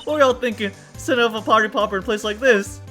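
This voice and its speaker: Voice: mid-range voice, fast talker, fairly bright tone, soft background music, pitched above the performer's own voice, natural voice. A streamer playing a brash Southern gal photographer. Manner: drawling, stumbles over long lines. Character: brash loud young woman photographer, Southern drawl.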